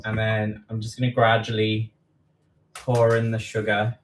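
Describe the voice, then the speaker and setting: A man's voice: lowish voice, completely flat delivery, unhurried, background noise. A man with an East London accent, chatting casually as he bakes live in his home kitchen, talking to himself and teasing himself as he goes. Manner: chatty, self-deprecating, repeats quantities aloud. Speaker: home baking livestreamer. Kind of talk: casual live baking chat.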